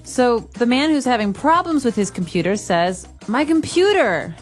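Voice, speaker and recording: A woman co-hosting an English lesson podcast, explaining phrases clearly with example sentences. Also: fairly high pitch, lively intonation, moderate pace, faint music behind. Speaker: English teacher and podcast co-host.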